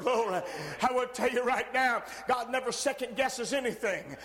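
A man preaching a sermon, moving between quiet teaching and shouted, fervent passages. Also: sits high, expressive, moderate pace, in a large hall.

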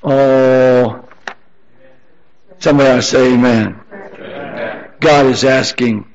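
An older man preaching a sermon, repeating his phrases as he presses his congregation, then dropping into quieter storytelling. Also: fairly even intonation, slow pace, long pauses, lo-fi sound. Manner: rising to high-pitched emphatic exhortation, then softer storytelling.

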